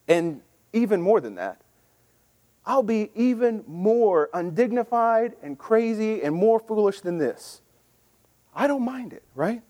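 High-voiced man preaching. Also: measured pace. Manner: animated, acts out the people in the story in voices. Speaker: pastor. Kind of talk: sermon.

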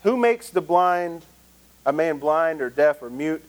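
A man's voice: fairly high pitch, lively intonation, measured pace. A man acting out an exasperated God scolding a reluctant prophet, within a sermon. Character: exasperated male God, stern and commanding.

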